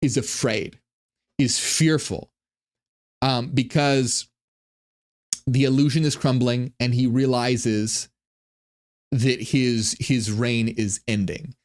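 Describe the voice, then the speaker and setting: A man's voice: mid-range voice, fairly even intonation, slow pace, pauses often. A man hosting a channel, giving a rambling, profane monologue with many restarts. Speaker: channel host. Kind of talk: monologue commentary on ancient texts.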